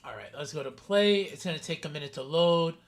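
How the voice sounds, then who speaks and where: A man with a notably high-pitched voice gives relaxed live-stream commentary while he plays. He talks loosely to his chat, greets viewers by name and drops casual swears. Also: brisk. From New York City. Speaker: game streamer.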